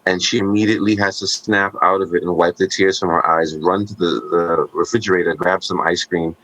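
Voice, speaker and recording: A man co-hosting a podcast, telling stories in casual conversation with animated asides and jokes. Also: low voice, fairly quick, no room sound, low-quality recording. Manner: animated storytelling, joking asides.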